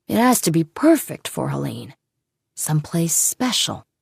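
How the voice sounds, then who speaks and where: A woman reading the lines of a cruel male kidnapper in an audiobook, with a cold, mocking, softly menacing manner. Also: low voice, very animated, a little slow, gravelly, slightly rough, no room sound, clean studio sound, exaggerated voice.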